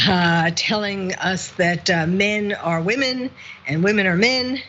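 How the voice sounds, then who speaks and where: A woman's voice: mid-range voice, takes it slowly, a bit bright, highs cut off, a little hiss or hum. A woman testifying as a witness at a hearing, emphatic and declarative.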